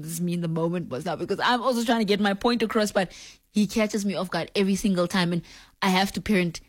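A woman's voice: medium pitch, quick pace, dry recording. Woman host, chatty and laughing a lot, mid voice, dry close sound. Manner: lively, laughing, acts out family scenes. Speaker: radio talk show host. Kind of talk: casual on-air chat, reading listener messages.

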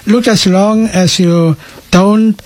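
A man, a sheikh calmly explaining answers to listener questions on a radio call-in show, dropping in Afrikaans phrases. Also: high voice, slow, no room sound. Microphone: radio studio microphone.

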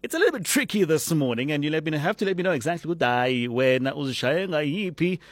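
Energetic radio host. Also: male voice, on the high side, fast, dry recording. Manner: energetic, mixes English with Zulu slang. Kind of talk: lively morning radio chat.

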